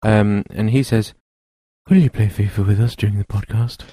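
A man's voice: fairly low pitch, fairly even intonation, normal speed, dark tone, no room sound. A man co-hosting a podcast, reading listener questions with playful mockery. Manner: mocking, playful. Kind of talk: casual banter.

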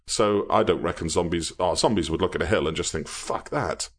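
A man from Wales with a deep, resonant voice, guesting on a podcast with crude jokes and lots of laughter. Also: quick pace, breathy edge. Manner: crude joking, laughs a lot. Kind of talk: casual podcast banter.

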